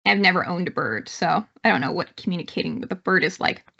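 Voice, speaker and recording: A woman's voice: lowish voice, lively intonation, quick pace, creaky, sharp tone, muffled recording. A woman with a Canadian accent giving a live online psychology lecture in a conversational way, with many fillers and restarts. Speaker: psychology instructor.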